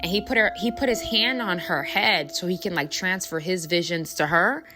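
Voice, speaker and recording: A woman's voice: lowish voice, moderate pace, over music. A woman talking casually to her viewers, telling a story in a chatty, rambling way with lots of fillers. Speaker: spiritual coach.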